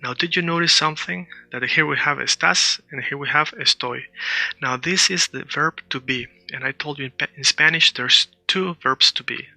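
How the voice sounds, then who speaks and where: A man's voice: on the high side, normal speed, gravelly, pushed and bright, dry recording. A man teaching a beginners' Spanish lesson, explaining grammar and pronunciation and repeating words for practice. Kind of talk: casual language lesson.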